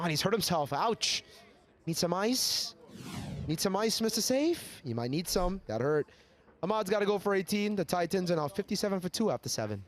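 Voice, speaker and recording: A man giving live cricket commentary, chatty and getting excited on big shots. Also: on the high side.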